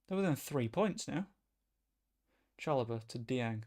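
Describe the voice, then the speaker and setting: A man chatting casually as he streams a football management game, rambling and breaking into sudden excited outbursts. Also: medium pitch, measured pace, long pauses. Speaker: gaming streamer. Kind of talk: casual gameplay commentary.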